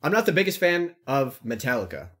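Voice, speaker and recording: Laid-back young man, lively pitch. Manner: laid-back, explaining with pauses. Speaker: podcast co-host. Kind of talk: casual chat.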